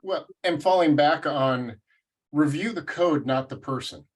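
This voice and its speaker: A man's voice: on the high side, a little slow, husky. A man speaking at a meetup, telling self-deprecating stories in a casual group discussion. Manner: conversational, self-deprecating storyteller.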